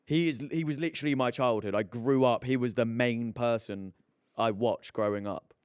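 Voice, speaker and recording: A man's voice: mid-range voice, moderate pace, a little mellow, clean tone, no room sound. A man in his twenties hosting a podcast, chatting bluntly and earnestly, close to a studio mic. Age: 20s. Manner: earnest, blunt, swears casually. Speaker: podcast host. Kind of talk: casual chat.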